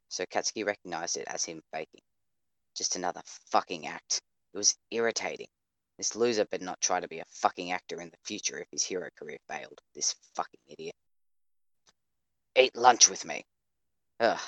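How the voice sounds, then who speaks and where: A man narrates an audio drama in a measured, steady way, his voice sitting very low. The recording is dry, with no room sound around him. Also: no echo. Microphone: home microphone over voice chat.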